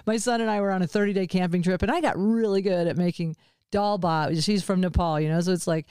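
A woman's voice: fairly low pitch, fairly even intonation, quick pace, darkish tone, clean tone, no echo. Middle-aged woman host, casual podcast chat, laughs easily, dry close-mic sound. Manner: chatty, laughs often, self-deprecating. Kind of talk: casual conversation.

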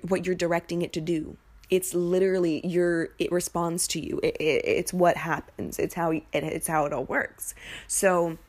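A woman's voice: on the low side, darkish tone. Chatty young woman, swears freely. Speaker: podcast host. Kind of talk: casual spiritual podcast monologue. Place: her apartment.

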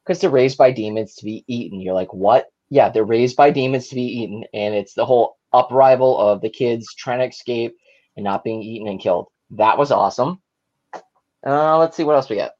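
A slightly tipsy man co-hosting a podcast over a video call, excitedly rambling through plot summaries in casual chat. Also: mid-range voice, a little fast, lo-fi sound. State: a little tipsy. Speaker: podcast co-host.

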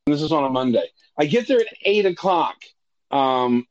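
A man's voice: fairly high pitch, moderate pace, highs cut off. A man casually telling a personal story, correcting himself often and swearing freely. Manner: profane, self-correcting, animated when retelling dialogue. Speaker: storyteller recounting a personal ordeal.

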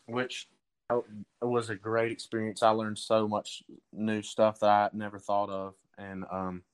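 A teenage baseball recruit with an Alabama accent, answering interview questions in a halting way with lots of ums. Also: male voice, fairly low pitch, level tone, smooth, rough recording. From Southern US. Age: teens. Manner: halting, with many ums and restarts.

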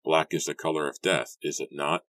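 A brooding young man talks in a subdued, gloomy way, as a man reads him aloud. His voice is very deep and dry. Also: little pitch movement, moderate pace, a bit bright, no room sound.

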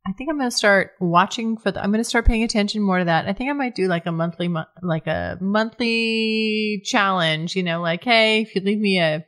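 A woman's voice: mid-range voice, a little fast, a bit bright. A woman hosting her own podcast, talking frankly and casually on her own, swearing freely and often restarting her sentences. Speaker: podcast host. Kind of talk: candid solo podcast talk.

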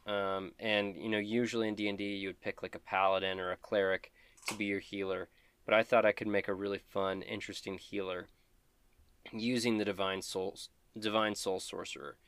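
A man with a smooth, resonant voice and a fairly low pitch talks through his character for a tabletop game. He rambles a little and uses fillers as he goes. The sound is close and dry. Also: normal speed, no echo. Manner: relaxed, rambling explanations with fillers. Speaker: player. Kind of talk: casual tabletop character introduction.

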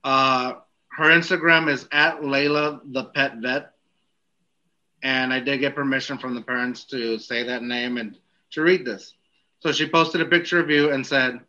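A man's voice: medium pitch, fairly even intonation, a little slow, bright, forceful tone. A man hosting a podcast, joking and cutting in to steer the conversation. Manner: jokey, interrupts to steer the talk. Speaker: podcast host. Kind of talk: casual chat. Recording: dull lo-fi sound.

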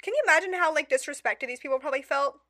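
A woman's voice: high-pitched, racing, sharp tone, dry recording. A woman co-hosting a casual podcast, reading facts aloud with stumbles and giggly asides in a small studio. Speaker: podcast co-host. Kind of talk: casual chat reading notes.

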